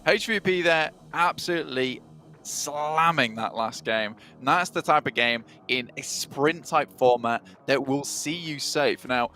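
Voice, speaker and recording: A man's voice: fairly high pitch, measured pace, pushed and bright. A man casting an esports match, chatty and full of fillers as he walks through the standings. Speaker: caster. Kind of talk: match commentary.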